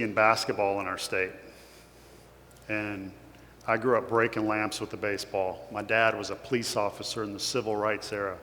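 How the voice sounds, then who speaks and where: A man's voice: lowish voice, fairly bright tone. A man from Kentucky with a Kentucky accent, giving an earnest, emotional motivational talk to an audience. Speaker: guest speaker. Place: large hall with audience. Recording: echoey hall with faint hum.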